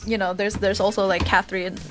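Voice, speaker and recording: A woman's voice: mid-range voice, little pitch movement, fast, over music. A woman co-hosting a radio show in casual chat, giggling and filling her talk with "like" and "um". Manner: chatty, giggly, lots of fillers.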